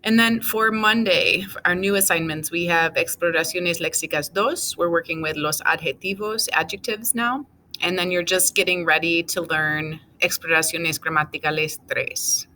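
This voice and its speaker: A woman teaching a recorded class, going over answers item by item in a steady, methodical way. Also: fairly low pitch, normal speed, a little hiss or hum. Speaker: Spanish teacher.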